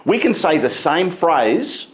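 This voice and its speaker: A man giving a motivational keynote speech on a conference stage, emphatic and deliberate, stretching key words. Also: on the high side, sing-song. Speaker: keynote speaker.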